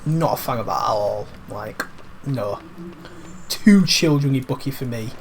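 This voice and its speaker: A man's voice: medium pitch, measured pace, a little hiss or hum. A young man giving casual, chatty commentary while playing a video game. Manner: chatty, swears freely, calls things 'mate'. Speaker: gaming commentator. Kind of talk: casual let's-play commentary.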